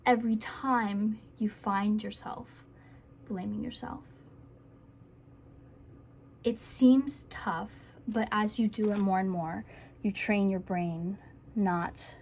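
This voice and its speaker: Woman, casual vlog advice, earnest, rambling, playful, medium pitch. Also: a little mellow, a little hiss or hum. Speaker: vlogger giving self-help advice.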